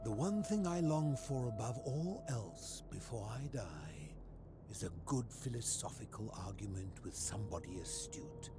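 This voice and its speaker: A man voicing a lonely, aging philosopher hermit in a video game, speaking in a formal, measured and questioning way over game music. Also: lowish voice, very animated. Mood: courteous. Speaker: game character. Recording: game audio with soundtrack music.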